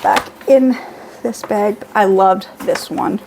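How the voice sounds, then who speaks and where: A woman's voice: mid-range voice, slow pace, creaky, very noisy. A middle-aged woman chatting casually at home through a beauty haul, reading prices and labels aloud. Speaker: beauty vlogger.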